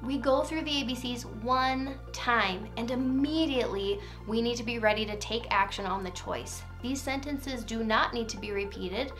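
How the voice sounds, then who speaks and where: A woman who is a parenting coach, giving calm, clear, encouraging instruction and modeling phrases to say to a child. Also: on the high side, normal speed, hardly any pauses, soft background music. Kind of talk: scripted instructional talk.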